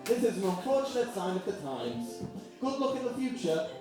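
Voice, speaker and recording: A man voicing a formal letter from a pompous boss, read deadpan in a live stage sketch. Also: high voice, normal speed. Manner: mock-formal, deadpan reading. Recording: echoey theatre from far off, music behind.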